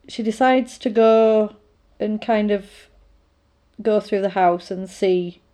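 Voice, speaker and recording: A woman's voice: mid-range voice, dark tone. Rambling woman recapping a film. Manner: rambling, retelling with fillers and asides.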